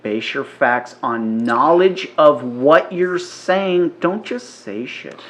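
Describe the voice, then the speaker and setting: A man's voice: medium pitch, animated, slow, fairly bright tone, poor audio. A man co-hosting a podcast in casual chat, talking emphatically, repeating his points and swearing often. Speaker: podcast co-host.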